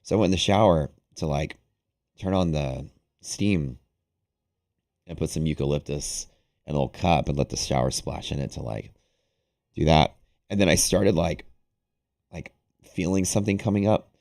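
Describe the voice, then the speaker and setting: Casual streamer host, young man, very deep voice, loose rambling storyteller. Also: moderate pace, gravelly, long pauses. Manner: rambling, animated, heavy use of "like". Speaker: day-trading livestream host. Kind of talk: casual storytelling to a live audience.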